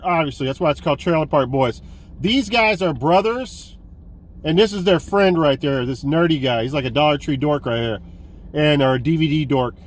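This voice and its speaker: A man hosting a casual collecting vlog, excited and rambling, swearing now and then. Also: a little high. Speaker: host of a physical media collecting vlog.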